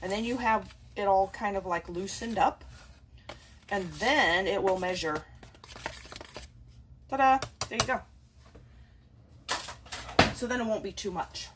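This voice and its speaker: A woman's voice: normal speed, background noise. A woman hosting a casual home cooking video, chatting and rambling as she bakes. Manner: rambling, talks to her cats in a high playful voice. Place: home kitchen.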